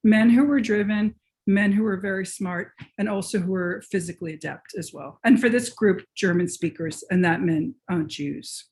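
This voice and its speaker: A woman's voice: medium pitch, moderate pace, few pauses, darkish tone. A woman author and professor answering questions in a virtual lecture, talking eagerly and restarting her sentences as she thinks aloud. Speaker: author and professor being interviewed. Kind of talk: conversational lecture Q&A. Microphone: video call.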